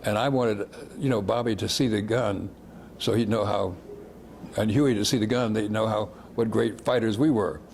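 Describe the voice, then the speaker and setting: A man's voice: lowish voice, fairly even intonation, normal speed, gravelly, a little mellow, slight background noise. An older man, a civil rights veteran, describing old photos fondly, often chuckling and trailing off. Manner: chuckling, fond, rambling. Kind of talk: reminiscing talk.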